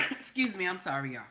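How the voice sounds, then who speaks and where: A woman's voice: lowish voice, pushed and bright, slight background noise. A woman hosting a livestream, talking in a sassy, repetitive, profane way while coughing from a cold. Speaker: commentary host. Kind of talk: livestream commentary.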